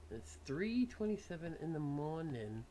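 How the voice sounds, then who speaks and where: A man giving let's play commentary on a horror game, jumpy and profane, with nervous laughs and loud startled outbursts. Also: a little high, big pitch swings, unhurried, slight background noise. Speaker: gaming YouTuber.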